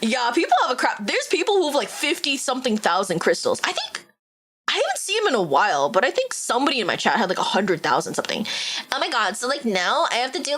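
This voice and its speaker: A woman's voice: a little high, wildly swooping pitch, a bit bright. A woman streamer chatting casually with her viewers while playing a game, giggly and rambling. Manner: giggly, rambling, quick restarts. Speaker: streamer and VTuber. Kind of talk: casual live-stream chat.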